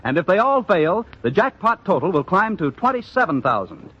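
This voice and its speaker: A male radio announcer reading a scripted promotional announcement in a smooth, promotional delivery. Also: sits high, sing-song, normal speed, a bit bright. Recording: dull lo-fi old radio recording.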